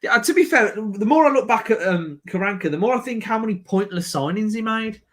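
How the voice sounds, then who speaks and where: A man with a Birmingham accent, pitched a little high with a bright, forceful edge to his voice. He chats casually through a live football reaction stream and shouts at key moments. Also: expressive, a little fast. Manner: chatty, reacts loudly to the match. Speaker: stream host. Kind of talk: casual football watch-along chat.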